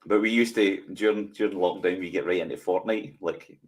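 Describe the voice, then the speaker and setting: A man in his forties with a Motherwell Scottish accent, chatting casually as a podcast co-host, often stopping and restarting. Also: low-pitched. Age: 40s. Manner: chatty, halting, self-interrupting. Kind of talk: casual watch-along chat.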